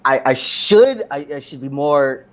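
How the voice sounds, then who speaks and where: A man on a casual show review panel, speaking haltingly and repeating words. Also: mid-range voice, animated. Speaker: podcast panelist.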